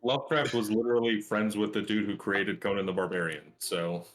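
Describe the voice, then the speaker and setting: A lower-voiced man, a guest, piling his ideas into long, eager run-on sentences. The talk is casual and quick. Faint music runs in the background. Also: fairly even intonation. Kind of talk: casual chat.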